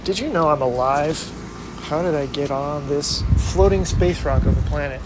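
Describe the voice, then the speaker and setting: A man's voice: fairly high pitch, normal speed, background noise. A man in goofy, rambling casual banter with a mock-dramatic way of talking.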